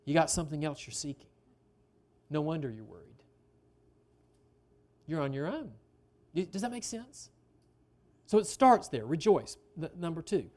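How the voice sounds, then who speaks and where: A pastor delivers a sermon conversationally, often posing questions to the congregation and drawing out key phrases for emphasis. The voice is medium-pitched and a little mellow.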